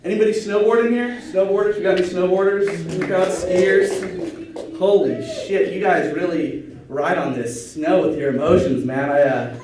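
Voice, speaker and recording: A young man doing stand-up, rambling and hesitant, with a high, lively voice. He is heard through an echoey room, picked up from far off by a camera. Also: normal speed, noisy background. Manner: rambling, hesitant, many restarts and fillers. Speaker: stand-up comedian. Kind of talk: stand-up routine. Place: small room with an audience.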